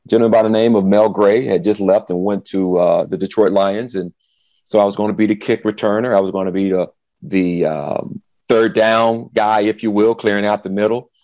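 A man's voice: on the low side, moderate pace, no room sound, muffled recording. A middle-aged man, a former football player, tells his story in an interview and acts out the voices of the people in it. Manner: animated storyteller, acts out quotes.

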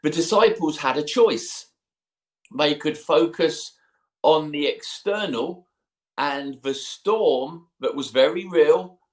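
A man's voice: a little high, slow pace. A man preaching a sermon, retelling a scripture story in a conversational way, with personal asides.

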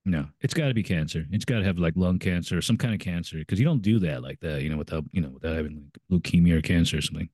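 A man chatting casually on a podcast about a TV episode, explaining and speculating, quick to agree. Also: deep voice, a little mellow, breathy edge, dry recording, clean studio sound. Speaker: podcast co-host.

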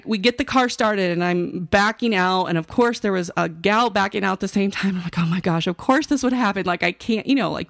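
A podcast host shares a personal story with her listeners in a casual, chatty manner, dropping in fillers and asides along the way. Her low voice has a gravelly fry, and the recording is dry and close with no echo.

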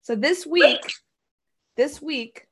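A woman chatting casually and telling stories in an animated way, often acting out what others said. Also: sits high, drawn-out words. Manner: animated storyteller, acts out quotes loudly. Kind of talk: casual chat.

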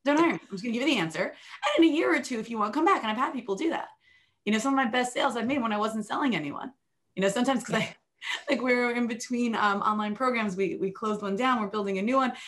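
A chatty woman hosts a podcast, rattling along at a quick clip. Her voice sits a little on the high side, and she keeps dropping in asides and follow-up questions. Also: fairly bright tone. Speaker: podcast host. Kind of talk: casual podcast interview.

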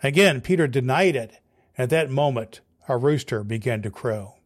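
Brief: male pastor, steady scripture reading, middle pitch. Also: moderate pace.

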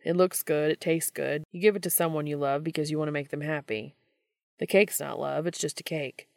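A woman voicing a plainspoken, gruff male baker in a fan story reading. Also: sits low, fairly even intonation, a little fast, a little mellow, no echo, studio quality. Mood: blunt. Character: blunt, down-to-earth male baker.

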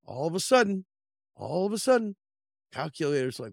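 A man's voice: medium pitch, big pitch swings, brisk, vocal fry, dry recording, studio quality. A man delivering a blunt, profane political commentary monologue as host of his own show.

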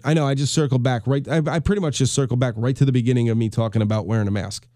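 A man's voice: medium pitch, expressive, fast talker, few pauses, darkish tone, no echo, clean studio sound. A man in his forties hosting a solo talk show, rambling and self-deprecating in a casual, conversational way. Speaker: podcast host. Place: home studio in New York.

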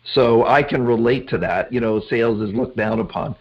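A man's voice: medium pitch, normal speed. A man hosting an interview, asking conversational, probing questions. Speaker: host. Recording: dull lo-fi audio.

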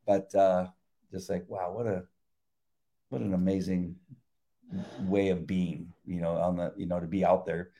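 Deep, mellow-voiced older man, reflective. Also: little pitch movement. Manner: halting, repeats and restarts, reflective. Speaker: retired police officer, co-host. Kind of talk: casual faith conversation.

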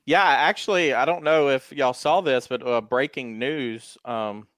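A man's voice: medium pitch, a little slow, a bit bright, dry recording. A man, a guest joining the casual chat with teasing jokes. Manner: teasing, joking. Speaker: guest fan podcaster.

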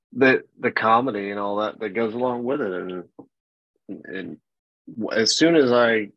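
Deep-voiced man, frank and reflective. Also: no echo. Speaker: guest, military veteran. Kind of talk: candid conversation. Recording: dull, dry lo-fi sound.

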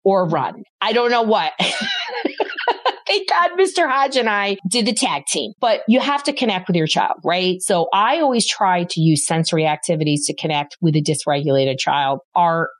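A middle-aged woman talks through parenting advice in an animated, storytelling way, slipping into quoted voices as she goes. Her voice sits a little low for a woman. The sound is dry and close, with no room around it. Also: normal speed, dry recording. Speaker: podcast host, parenting expert. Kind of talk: conversational advice talk.

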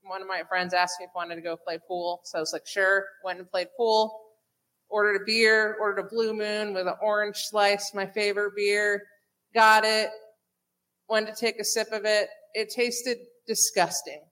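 A woman sharing a personal faith testimony to a group, halting with many restarts and fillers. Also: medium pitch, little pitch movement, fairly bright tone, low-quality recording.

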